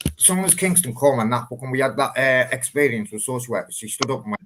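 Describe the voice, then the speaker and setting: Sweary man, blunt storyteller, mid pitch. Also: fast talker, noisy background. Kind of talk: casual chat.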